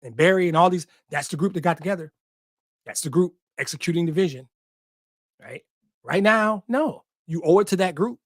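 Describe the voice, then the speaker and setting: A man's voice: high-pitched, lively intonation, moderate pace, no echo, clean studio sound. A man hosting a sports podcast, talking emphatically and repeating short punchy lines, with an occasional curse. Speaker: podcast host. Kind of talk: passionate sports talk.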